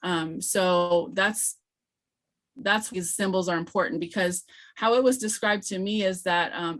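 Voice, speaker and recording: A woman running an online teacher training, explaining patiently with frequent ums and slowly modelling pronunciations over a video call. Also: on the low side. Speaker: language instructor.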